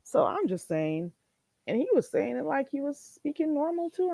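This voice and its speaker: A woman's voice: high-pitched, sing-song, normal speed, gravelly, darkish tone, no echo. A woman hosting a casual livestream, talking bluntly, swearing freely and answering her chat. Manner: reads chat aloud and answers it. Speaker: livestream host.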